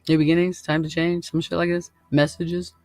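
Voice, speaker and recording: A man's voice: fairly high pitch, flat delivery, moderate pace, darkish tone, no room sound, soft background music. A man hosting a podcast in casual chat, laid-back and laughing often, swearing freely. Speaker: podcast host.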